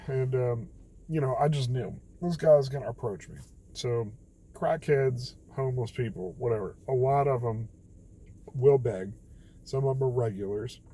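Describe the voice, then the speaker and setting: A man's voice: medium pitch, moderate pace, dark tone, husky, rough recording. A young man telling a rambling, self-deprecating story late at night, tired and quoting others as he goes. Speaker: vlogger.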